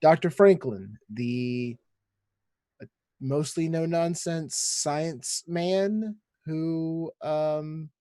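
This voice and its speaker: A man's voice: fairly high pitch, extremely slow, mellow, dry recording. A man player in a tabletop game, laid-back and chatting casually. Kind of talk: casual chat.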